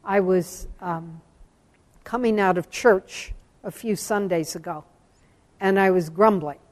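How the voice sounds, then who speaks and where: Earnest woman preaching in a reverberant hall. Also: on the low side. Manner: earnest storytelling with slow emphatic phrases. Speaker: religious sister giving a talk. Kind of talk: sermon-style talk on scripture.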